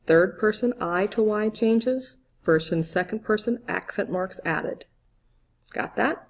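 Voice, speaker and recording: Taking things slowly in a mid-range voice, a woman who teaches Spanish patiently explains grammar, spelling out letters and testing the listener with questions in a clear, deliberate lesson.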